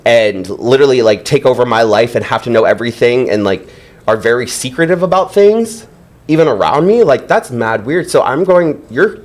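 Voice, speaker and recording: A man's voice: mid-range voice, expressive, normal speed. A man on a podcast as a guest, chatting casually and animatedly, with lots of fillers and frequent laughter. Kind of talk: casual chat.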